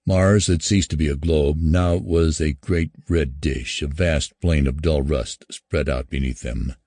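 A man narrating a science fiction story in a measured, even way. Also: a bass voice, no room sound, studio quality.

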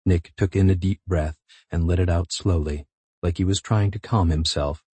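A man reads a novel aloud in a measured, intimate way. His voice is very low, dark and husky. The recording is dry and close with no room sound. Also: steady tone, no echo. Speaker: audiobook narrator. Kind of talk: scripted narration.

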